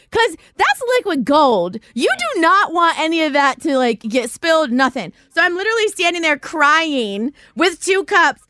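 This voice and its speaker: Lively high-voiced woman host. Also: moderate pace, hardly any pauses, no echo, studio quality. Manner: animated, laughing often, acting out quotes. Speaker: podcast host. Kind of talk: casual live-stream storytelling.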